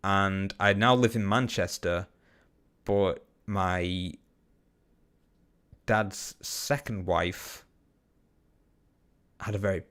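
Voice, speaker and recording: A man's voice: low-pitched, fairly even intonation, fairly bright tone, clean tone. A man from Bolton with a general, slightly posh English accent, chatting casually on a live stream and answering viewer comments with lots of ums and casual swearing. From Bolton, England. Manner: rambling, quick bursts, swears casually, many ums.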